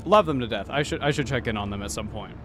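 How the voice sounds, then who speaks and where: A man from Kansas co-hosting a casual podcast chat, animated and profane, stumbling over restarts. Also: medium pitch, quick pace, over music. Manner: animated, swearing, many restarts. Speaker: podcast co-host.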